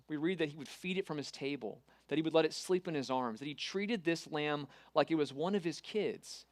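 A man's voice: on the high side, no room sound. Man preaching, earnest and dramatic. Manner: earnest storytelling with dramatic pauses, reads scripture aloud. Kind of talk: sermon.

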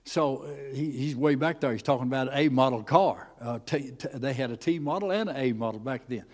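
A man preaching a storytelling sermon in a folksy, animated way, with many fillers and restarts. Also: mid-range voice, brisk. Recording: echoey hall.

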